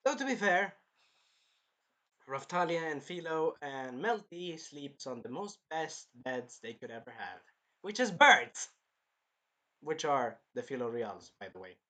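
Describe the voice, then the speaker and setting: A man's voice: fairly high pitch, big pitch swings, unhurried, pushed and bright. A man giving a casual, rambling, jokey recap of an anime episode as a reviewer.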